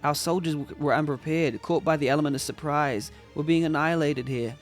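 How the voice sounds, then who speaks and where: A man playing a weary mercenary in a game, dry and grumbling. Sarcasm colors even his reports. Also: on the high side, brisk, soft background music, lightly acted.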